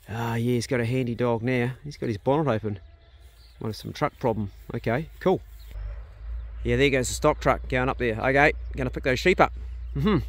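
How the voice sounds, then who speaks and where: A man chatting casually as he walks around his rural property, filming on his phone and talking to his animals. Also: medium pitch. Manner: easygoing, rambling commentary with pet talk. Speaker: homestead vlogger. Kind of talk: casual filmed walk-and-talk. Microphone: phone held while walking.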